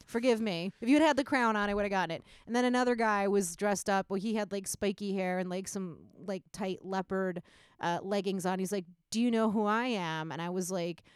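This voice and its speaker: A woman chatting on a podcast, spinning a story and jumping up in pitch whenever she quotes someone. Her voice is smooth and clean. The sound is dry and close. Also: steady tone, fairly quick, no echo. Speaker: podcast co-host. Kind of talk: casual chat.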